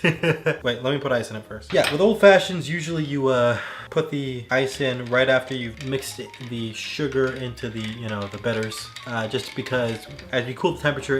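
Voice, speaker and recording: Man, casual home cocktail vlog, rambling, filler-heavy, mid pitch. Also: a bit bright. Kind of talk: casual chat while mixing drinks.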